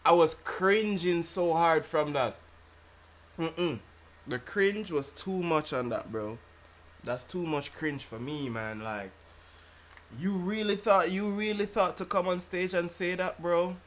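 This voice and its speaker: Man, london accent, streamer, casual reaction chat, slangy, repetitive, somewhat high voice. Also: slow pace, fairly bright tone. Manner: loose, slangy, laughs often and repeats himself. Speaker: streamer reacting to a rap battle.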